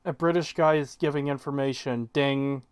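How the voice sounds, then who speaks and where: A co-host chats casually on a podcast, asking sarcastic, puzzled questions and swearing now and then. The voice sits at a middle pitch. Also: fairly even intonation, moderate pace. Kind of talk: casual chat.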